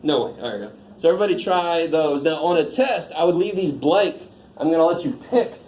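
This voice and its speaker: Male math instructor, relaxed classroom lecture, mellow tone, echoey room with faint hum. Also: fairly high pitch, brisk. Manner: joking, informal, asks the class questions.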